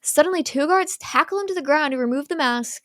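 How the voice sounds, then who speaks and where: A young woman co-hosting a podcast, recapping a horror movie in an animated, chatty way, full of "like" and acted-out quotes. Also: sits high, fairly quick, no room sound, clean studio sound. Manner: animated storyteller, lots of "like", acts out quotes. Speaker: podcast co-host recapping a film.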